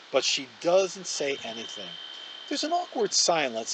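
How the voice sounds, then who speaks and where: An actor reading a children's novel aloud, his narration expressive and animated. His voice sits a little higher than most men's and moves a lot from phrase to phrase. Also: background noise. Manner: expressive, lively storytelling. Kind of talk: storybook read-aloud narration.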